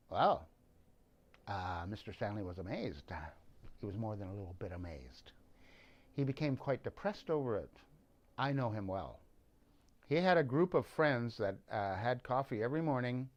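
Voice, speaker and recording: A man's voice: medium pitch, darkish tone. Rambling man, lo-fi sound. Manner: rambling, halting, with many fillers and restarts. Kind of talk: rambling monologue. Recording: dull lo-fi recording.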